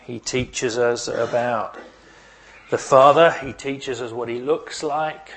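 A man preaches and prays in a conversational sermon, his voice sitting at an ordinary middle pitch. He keeps asking his congregation questions as he goes. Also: takes it slowly, a bit bright. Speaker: pastor. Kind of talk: sermon with prayer.

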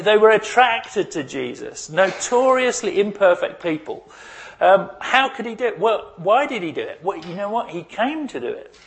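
A man's voice: high voice, gravelly. A pastor preaching a sermon and praying, talking conversationally and asking his congregation questions. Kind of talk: sermon with prayer.

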